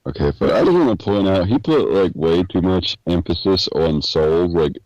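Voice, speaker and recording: A male co-host with a very deep voice, trading dry quips in a casual comedy chat. His mic sounds dull and dry, with no room at all. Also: expressive, normal speed, a little mellow, dry recording.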